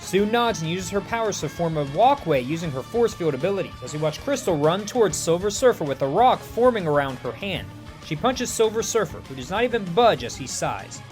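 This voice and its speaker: Animated male narrator for a superhero fan tale, high and expressive. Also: brisk, soft background music. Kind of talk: reading a superhero fan story aloud.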